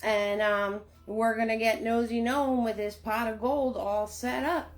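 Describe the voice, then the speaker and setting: A woman's voice: fairly high pitch, fairly even intonation, unhurried. A woman hosting a live painting lesson, chatty and upbeat, greeting viewers by name as she gives steps. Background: faint Irish music.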